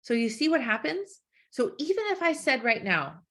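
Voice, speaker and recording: A woman coaching in a webinar, talking conversationally with lots of "like" and "right?", acting out quick quoted thoughts with gasps. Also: a little high, sing-song, fairly bright tone. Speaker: weight-loss coach. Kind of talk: webinar teaching.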